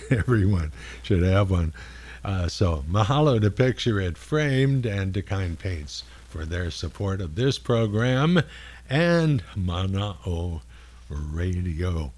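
Brief: male fill-in radio host, very deep voice, ambling studio patter. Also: a little mellow. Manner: unhurried, rambling, with frequent pauses. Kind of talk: casual radio chat.

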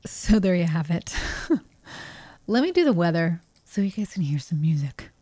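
A woman's voice: lowish voice, very animated, unhurried, warm tone, slightly rough, dry recording. A woman with a light Texas accent hosting a community radio show, chatty and playful, reading the weather and sponsor credits. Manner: chatty, laughing, loose and playful.

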